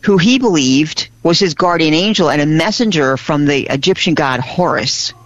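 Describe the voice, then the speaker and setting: A woman's voice: low voice, animated, moderate pace, dry recording. A woman co-hosting a religious radio show, chatting animatedly and laughing often. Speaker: radio co-host. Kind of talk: casual radio chat. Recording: dull lo-fi radio audio.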